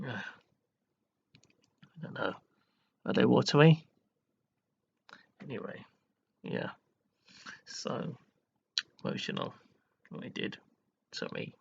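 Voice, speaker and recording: A man's voice: medium pitch, creaky, breathy edge, muffled recording. A man, a teacher, talking emotionally to his webcam about a student who upset him, rambling and saying "you know" often, close to tears. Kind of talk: emotional personal vlog. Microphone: webcam mic.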